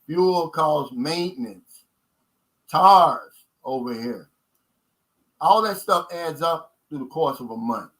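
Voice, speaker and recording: A man's voice: a little high, animated, slow, pauses often, fairly bright tone, low-quality recording. A man with a Kentucky accent hosting a casual livestream chat, emphatic and folksy, repeating his key points and calling viewers guys. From United States. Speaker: channel host.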